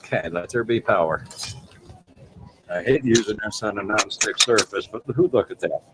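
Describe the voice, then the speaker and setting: A man's voice: fairly low pitch, moderate pace. A man hosting a casual cooking show, chatting to viewers while he cooks. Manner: relaxed, talks to viewers as folks. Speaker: cooking show host, chef. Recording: faint background noise.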